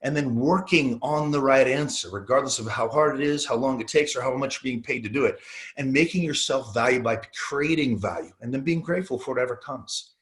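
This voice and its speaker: A man's voice: mid-range voice, a little fast, a bit bright. Earnest man giving a sales talk. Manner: earnest, storytelling, frequent fillers. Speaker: webinar presenter on phone sales. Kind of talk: motivational business presentation.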